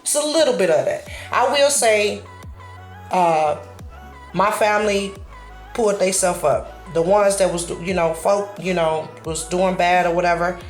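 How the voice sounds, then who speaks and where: A woman host giving casual commentary to her camera, blunt and profane, telling her stories with animation. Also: on the low side. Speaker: channel host. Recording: echoey room with faint music.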